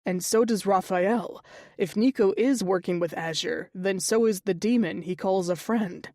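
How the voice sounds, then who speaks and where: A woman narrator voicing an intense, protective male shifter who speaks in a low, measured, serious way. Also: a little mellow, no room sound, clean studio sound, lightly acted.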